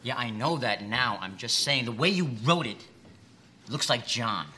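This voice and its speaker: A man acting out a blunt, scatterbrained boss who rambles and badgers in a plain mid-pitched voice. His words drag when he lectures, and a steady hiss of noise sits under the recording. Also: normal speed. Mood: baffled, pushy. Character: rude scatterbrained middle-aged male boss. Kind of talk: comedy sketch acting.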